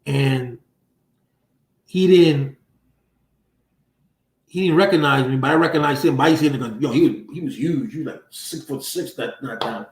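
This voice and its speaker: A man's voice: mid-range voice, measured pace, long pauses, recorded from a distance. A man hosting a casual livestream, telling stories in loose, profane street slang from a room at home. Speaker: livestream host. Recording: roomy echo.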